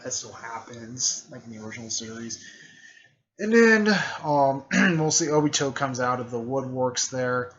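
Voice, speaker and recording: A man talking through a story recap in a loose, rambling, offhand way, at an ordinary middle pitch. His phrasing wanders and keeps circling back with filler. The recording sounds dull and muffled. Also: a bit bright. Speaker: video creator recapping a fan story. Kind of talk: casual plot recap.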